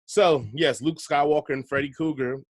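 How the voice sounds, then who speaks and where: A man's voice: on the high side, fairly even intonation, moderate pace, no room sound. Laid-back male podcast host, dry sound. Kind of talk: casual podcast chat.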